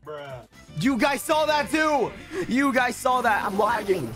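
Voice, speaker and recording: A man streaming a video game, chatting casually and excitably, swearing and bursting into shouts. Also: extremely high pitch, measured pace. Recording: game music underneath.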